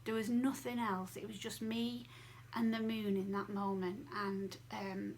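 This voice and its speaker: A woman's voice: medium pitch, level tone, unhurried, a little hiss or hum. A woman talking casually to camera as a vlogger at home, chatty and rambling with many fillers. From England.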